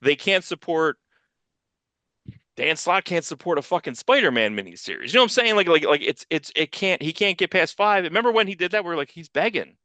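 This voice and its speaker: A man co-hosts a comics podcast in loose, profane, rambling chat and acts out the people he quotes. His voice is bright and forceful. It sits dry and close to the mic. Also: a little high, very animated, fairly quick, no echo. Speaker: podcast co-host and producer.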